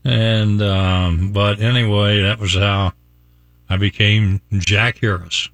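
A man's voice: fairly low pitch, fairly even intonation, slow pace, fairly bright tone, dry recording. An older man from Virginia hosting a morning radio show, telling a rambling story and chuckling often. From Virginia, USA. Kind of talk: chatty on-air storytelling. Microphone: studio mic.

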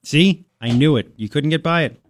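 A man's voice: a little high, moderate pace. A man hosting a radio talk show, chatting casually and laughing, mocking people in a playful voice. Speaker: radio host.

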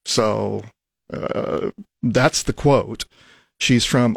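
A man hosting a local radio talk show in a studio, speaking haltingly with many fillers and restarts. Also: mid-range voice, sing-song, creaky, husky, no echo. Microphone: studio microphone.

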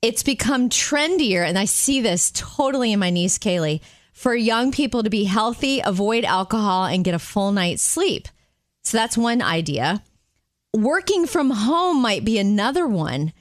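A woman hosting a casual radio chat show, chatty and quick to laugh. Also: mid-range voice, no room sound, studio quality. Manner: laughs often, lively and chatty.

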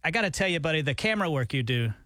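A man's voice: on the high side, lively intonation, rapid-fire, pushed and bright, no room sound, studio quality. A man co-hosting a morning radio show, joking and teasing his partner in casual banter. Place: radio studio. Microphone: studio microphone.

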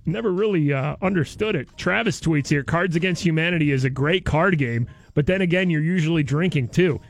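A man's voice: fairly high pitch, brisk, faint music behind. A man hosting a morning radio show, chatting loosely and jokingly with his co-host. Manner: loose, rambling, jokey. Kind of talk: casual radio banter.

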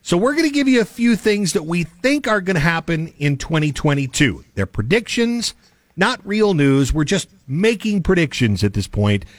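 Lively male radio talk host. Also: mid-range voice, no echo. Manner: upbeat, animated sports talk.

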